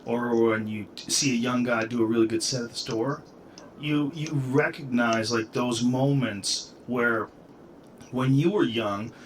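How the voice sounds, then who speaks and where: A man's voice: medium pitch, measured pace. Male host, mid-range voice, rambling casual talk, heard from a distance with background noise. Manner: loose, rambling, says "like" often. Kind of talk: casual podcast chat.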